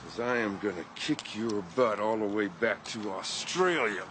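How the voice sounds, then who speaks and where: An actor playing a brash, teasing biker in a TV drama. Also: male voice, on the low side, animated, moderate pace, very noisy, close to an everyday voice. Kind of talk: TV drama acting.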